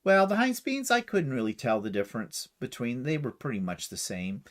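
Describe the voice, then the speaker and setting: Chatty storytelling man, lively pitch. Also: normal speed. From Canada. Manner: chatty storyteller, laughs easily. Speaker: co-host. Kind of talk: casual livestream chat.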